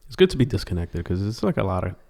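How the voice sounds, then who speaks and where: Deep, mellow, gravelly podcast co-host. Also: male voice, very animated. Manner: laid-back, quick to laugh, joking asides. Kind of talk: casual chat.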